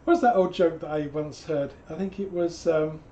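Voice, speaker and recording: A hoarse man, teaching painting on a live stream in a chatty, digressive way with jokey asides. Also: on the high side, fairly even intonation, moderate pace, mellow, highs cut off. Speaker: painting instructor.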